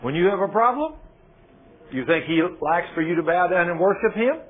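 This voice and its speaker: Animated preacher on tinny radio. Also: male voice, high-pitched, moderate pace, breathy edge. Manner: animated, rhetorical questions, retells scripture with quoted dialogue. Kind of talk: sermon. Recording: tinny phone-like radio broadcast.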